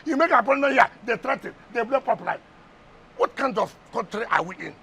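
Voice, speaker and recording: A politician with a Nigerian English accent argues in a TV interview, pushing back with rapid rhetorical questions and repeated words. His voice sits very high and sounds bright and sharp. A faint hum of background noise runs under the talk. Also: lively intonation. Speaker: politician guest. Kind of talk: heated TV interview.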